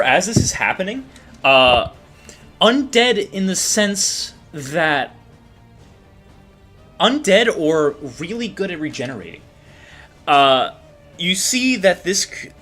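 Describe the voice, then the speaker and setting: A man running a tabletop game as game master, narrating the action in a halting way with many fillers. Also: a little high, bright, forceful tone.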